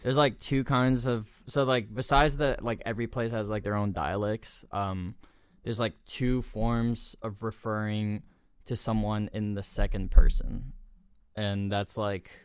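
A man's voice: fairly low pitch, steady tone, unhurried, clean tone, no room sound, clean studio sound. A young man in his twenties from Argentina, a podcast guest chatting casually, rambling and searching for words with lots of "like". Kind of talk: casual chat.

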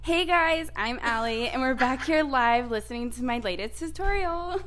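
A woman voicing a bubbly female YouTube influencer with a high, sing-song delivery, in the back room of a hair salon. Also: expressive, moderate pace, a bit bright, slight background noise. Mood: perky.

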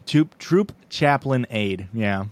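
A young man co-hosting a casual podcast and spinning a rambling, self-deprecating story, laughing at his own jokes. His voice is mid-pitched and recorded close and dry. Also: expressive, slow, dry recording. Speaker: podcast co-host. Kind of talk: casual chat.

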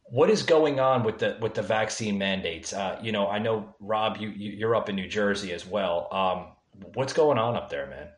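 A man hosting a casual podcast, halting, with lots of fillers and quick agreement. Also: on the low side, roomy sound. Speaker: podcast host. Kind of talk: casual political chat.

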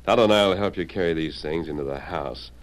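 The steady frontier hero. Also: male voice, very deep voice, a little fast, very noisy. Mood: reassuring. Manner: steady, reassuring. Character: calm masked male frontier hero. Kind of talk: 1940s radio acting.

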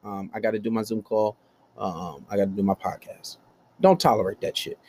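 A man's voice: steady tone, brisk, a little mellow, slight background noise. Man, young adult, podcast host, casual improvised monologue, profane. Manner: profane, storytelling, mimics voices in high pitch.

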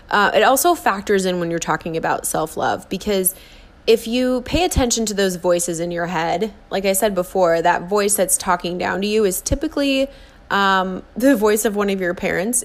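A woman in her forties giving an earnest, coaxing motivational talk, acting out the kind and harsh inner voices she describes. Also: mid-range voice. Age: 40s. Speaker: self-help speaker. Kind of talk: motivational monologue.

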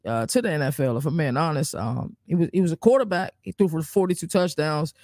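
Podcast cohost guy, steady, rattles off stats, high voice, dry close sound. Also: no echo. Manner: measured, lists facts and stats. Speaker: podcast co-host. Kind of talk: casual sports chat.

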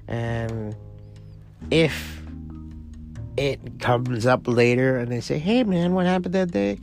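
Gravelly-voiced man rambling on a podcast. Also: mid-range voice, darkish tone. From part Cuban family. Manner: rambling, profane, with many restarts. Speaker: podcast host. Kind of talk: casual solo podcast monologue.

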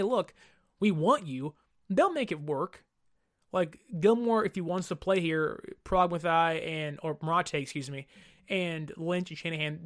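A man hosting a casual sports talk show, giving strong opinions while often hedging and thinking aloud. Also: high voice. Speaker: sports podcast host.

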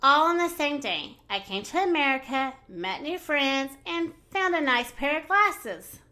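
A woman reading aloud and voicing a gentle female cow visiting from abroad, soft and wondering. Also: sits high, lively intonation, unhurried, heavily acted. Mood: content.

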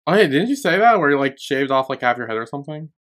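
A man co-hosting a podcast in relaxed casual chat, hesitant and easygoing. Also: fairly high pitch, fast talker. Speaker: podcast co-host.

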